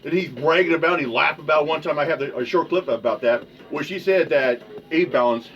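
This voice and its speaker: A man hosting his own podcast, ranting casually in a rambling, profane way that swings between mutters and loud outbursts. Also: fairly high pitch, a little fast. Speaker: podcast host. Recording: dull lo-fi sound with faint music.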